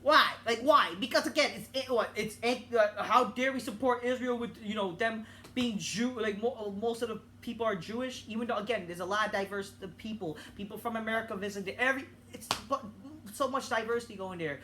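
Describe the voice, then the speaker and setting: Heated high-voiced young woman ranting. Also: pushed and bright, a little hiss or hum. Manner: heated, profane, halting with many restarts. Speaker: vlogger. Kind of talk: angry political rant.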